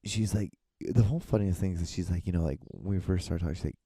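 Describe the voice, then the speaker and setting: A man's voice: sits low, fast talker, creaky, warm tone, husky, no echo. A young man hosting a solo podcast, rambling in casual chat, swearing often and acting out quoted lines. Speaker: podcast host.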